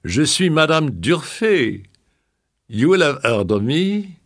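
A man voicing an elderly, grand French woman heavy with jewels, with a French accent and a high, affected manner. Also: sing-song, slow, fairly bright tone, no echo, clean studio sound, heavily acted.

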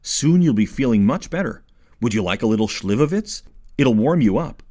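Man doing a calm rabbi, gentle and soothing, lively ups and downs, storybook reading. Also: medium pitch, moderate pace, close to an everyday voice. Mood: reassuring. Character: kindly middle-aged rabbi, calm and reassuring.

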